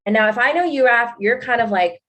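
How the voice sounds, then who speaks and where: A young woman co-hosting a casual podcast chat, joking and teasing her guest in quick bursts. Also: a little high, fairly bright tone. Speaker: co-host.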